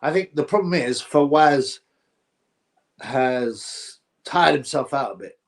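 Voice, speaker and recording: A man hosting a live stream, chatting to viewers and reacting excitably to a fight. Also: mid-range voice, slow, vocal fry. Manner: chatty, excitable, slangy, talks to chat viewers.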